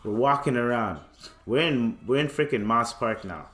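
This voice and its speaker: A man's voice: medium pitch, animated, normal speed, a bit bright. A young man spins a casual podcast story in a middle-range voice. He is loose and profane, and he slips into quoted voices as he goes. The room gives his voice a noticeable echo. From Canada. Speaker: podcast host. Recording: roomy echo.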